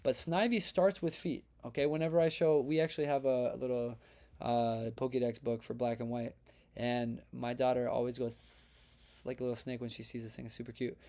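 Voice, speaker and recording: A man's voice: medium pitch, level tone, brisk, mellow. A man hosting a live stream, chatting casually and energetically with his chat and reading out their votes. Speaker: livestream host.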